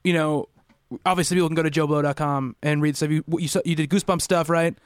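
A man hosting a podcast, prompting his co-host with quick, eager questions. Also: fairly high pitch, fairly even intonation, clear, resonant tone, dry recording, clean studio sound. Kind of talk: casual podcast chat.

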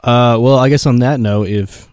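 A man with a sick, hoarse voice co-hosting a podcast in casual, rambling chat. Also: medium pitch, steady tone, moderate pace, darkish tone, no room sound, clean studio sound. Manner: laid-back, rambling with fillers. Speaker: podcast co-host.

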